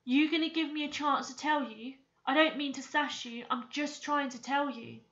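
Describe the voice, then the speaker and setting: Defiant, blunt young girl from a storybook, voiced by a woman, bright and high, muffled recording. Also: steady tone, moderate pace. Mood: indignant. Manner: indignant, blunt, drawling.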